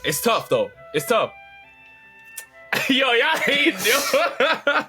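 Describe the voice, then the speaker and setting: Podcast co-host, male, bright tone, animated slangy delivery. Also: extremely high pitch, drawn-out words, soft background music. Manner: animated, repeats himself, slangy. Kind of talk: casual chat.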